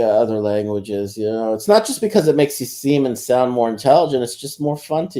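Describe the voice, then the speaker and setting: Male guest, casual talk, halting delivery, warm dark tone. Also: medium pitch. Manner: halting, many fillers and restarts. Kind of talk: casual chat.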